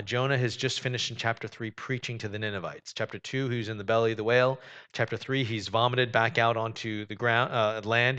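Bright-voiced preacher. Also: male voice, mid-range voice, clear, resonant tone. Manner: conversational and animated, with joking asides. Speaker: pastor. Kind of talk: sermon.

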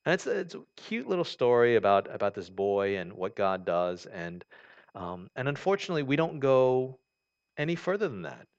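A man's voice: mid-range voice, very animated, normal speed. A man preaching a sermon in a conversational way, reading scripture aloud and explaining it with many fillers and restarts. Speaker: pastor. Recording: dull lo-fi recording.

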